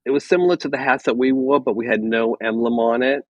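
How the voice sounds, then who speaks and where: A man, a podcast guest, telling relaxed anecdotes with small chuckles in casual chat. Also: medium pitch, fast, dry recording. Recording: dry, dull lo-fi sound.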